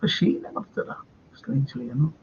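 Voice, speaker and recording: A man's voice: medium pitch, a little fast, dull audio, slight background noise. A man with a Scouse accent hosting a live stream, chatting in a meandering way and reading out viewer comments. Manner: meandering, chatty, self-interrupting.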